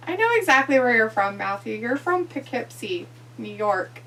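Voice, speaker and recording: Higher voiced woman reading chat out loud, laughs a lot, kinda far from the mic, little hum. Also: lively intonation, measured pace. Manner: reads viewer chat aloud, laughs often. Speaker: livestream co-host. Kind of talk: casual chat while watching wrestling. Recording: distant mic with faint hum.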